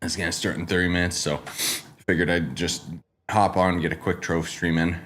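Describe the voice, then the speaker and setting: A man's voice: sits low, flat delivery, a little fast, a bit bright. A man streaming a game live, chatting casually and rambling while greeting viewers by name, his voice congested from just waking up. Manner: laid-back, rambling, greets chat by name. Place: home streaming setup with green screen.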